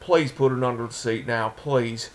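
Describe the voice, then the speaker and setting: A man's voice: medium pitch, fairly even intonation, moderate pace, lightly acted. A man doing a panicky pleading wrestler. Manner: pleading, anxious.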